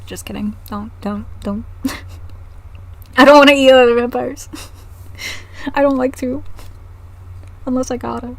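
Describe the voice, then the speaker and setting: Woman streamer, a bit high-pitched, loose and giggly, rambling chat with casual swearing. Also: steady tone, a little slow, vocal fry, pauses often, no room sound.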